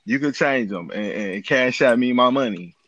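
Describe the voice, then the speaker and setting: A man's voice: medium pitch, moderate pace, highs cut off, background noise. A man who works as a DJ, complaining emphatically in casual chat.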